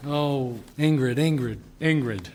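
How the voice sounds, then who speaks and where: A man's voice: mid-range voice, slow, a little mellow, slight background noise. An actor playing a father and shop owner who talks in a dry, mock-tough, old-movie way. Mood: wry. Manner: mock film-noir tough talk, dry. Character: grown man, hardboiled shop owner and father. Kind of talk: radio sitcom acting.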